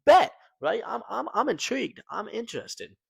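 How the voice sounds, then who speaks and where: Young male storytelling vlogger, animated slangy delivery, dry close sound. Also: fairly high pitch, a little fast, no echo. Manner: slangy, animated, fillers like "man" and "right?". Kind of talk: casual storytelling to camera.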